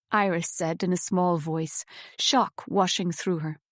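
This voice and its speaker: A woman reading a novel aloud as an audiobook narrator, in a measured, even storytelling manner on a close studio mic. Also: on the low side, no room sound.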